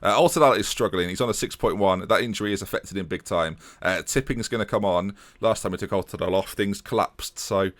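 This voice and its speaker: A young man giving chatty, animated commentary on his own game play, talking to his viewers and laughing often. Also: fairly low pitch, brisk, few pauses. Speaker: gaming YouTuber. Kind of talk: casual let's-play commentary.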